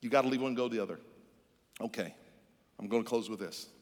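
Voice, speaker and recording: A man in his sixties preaching a sermon, telling folksy stories and building to loud, emphatic exhortation. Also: mid-range voice, brisk, big-room sound. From Netherlands.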